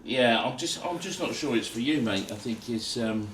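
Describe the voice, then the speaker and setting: A man's voice: medium pitch, expressive, normal speed, fairly bright tone. A man acting as an estate agency manager, blunt and dismissive in how he speaks. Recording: distant roomy audio with background noise.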